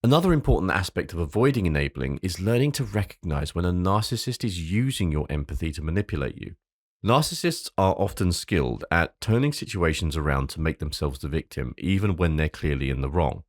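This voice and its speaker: Deep-voiced man hosting a self-help podcast. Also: lively intonation, a little fast, no echo, clean studio sound. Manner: earnest, loose and sweary when off script. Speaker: podcast host. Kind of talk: reading a script with casual asides.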